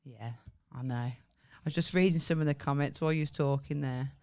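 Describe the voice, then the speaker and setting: A woman's voice: rumbling low, brisk, warm tone. A woman co-hosting a podcast in casual chat, laughing often in easygoing banter. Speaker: podcast co-host.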